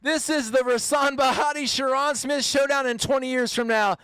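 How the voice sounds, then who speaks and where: A man calling a street bike race live outdoors, excited and playful, cheering the riders on. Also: extremely high pitch, normal speed, clean tone, no room sound, clean studio sound. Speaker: race announcer.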